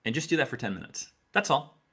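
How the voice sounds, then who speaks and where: A man's voice: medium pitch, very animated, fast, fairly bright tone. A middle-aged man giving earnest, direct advice to his listeners, coaching them and repeating key phrases for emphasis. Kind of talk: direct-to-camera advice talk.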